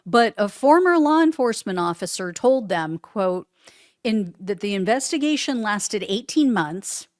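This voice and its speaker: A woman's voice: on the high side, no room sound, studio quality. A woman hosting a solo political commentary show, reading news quotes aloud and answering them with sarcasm. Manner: sarcastic, reads quotes then mocks them.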